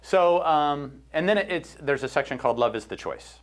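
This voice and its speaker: A man's voice: fairly high pitch, lively intonation, moderate pace. A middle-aged man hosting a casual podcast chat, retelling a counseling story with quoted lines and frequent fillers. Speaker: host.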